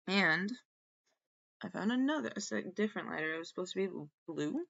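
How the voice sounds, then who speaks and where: A woman's voice: mid-range voice, very animated, moderate pace, vocal fry, fairly bright tone. Woman, podcast host, rambling monologue, swears a lot, drifts off mid-sentence, muffled lo-fi recording.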